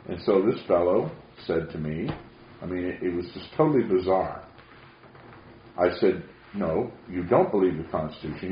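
A man preaching a sermon, telling stories emphatically and rising to loud peaks. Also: sits low. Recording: roomy, dull lo-fi sound.

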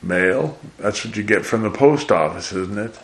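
A man's voice: on the low side, animated, moderate pace, creaky. An older man giving a conversational sermon, rambling and acting out quoted voices. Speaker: preacher.

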